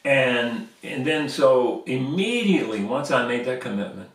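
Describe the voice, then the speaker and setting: A man who is a guest on a podcast, telling a story in a lively way and acting out the voices of the people in it. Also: medium pitch, unhurried. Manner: animated storyteller who acts out quoted dialogue. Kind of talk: storytelling in a conversational interview. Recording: roomy sound with mic at a distance.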